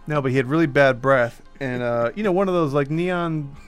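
A man's voice: mid-range voice, moderate pace, over music. A man hosting a casual podcast chat, telling a long story and acting out the other people's voices. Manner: animated, acts out voices in his stories. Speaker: podcast host.

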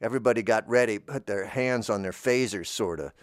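A man improvising a comic story in a rambling, deadpan way, drifting off on tangents. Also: lowish voice, brisk, no room sound, clean studio sound. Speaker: comedy podcast performer.

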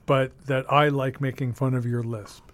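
A man's voice: mid-range voice, flat delivery, normal speed. A man co-hosting a radio show, chatting casually in an easygoing, wry, matter-of-fact way. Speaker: radio co-host. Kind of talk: casual on-air banter.

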